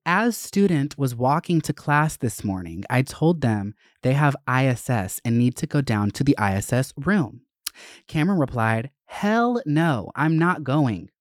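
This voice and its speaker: A young adult vlogger telling a school story in a profane, animated, gossipy way. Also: medium pitch, normal speed, no echo, studio quality. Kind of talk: casual storytelling.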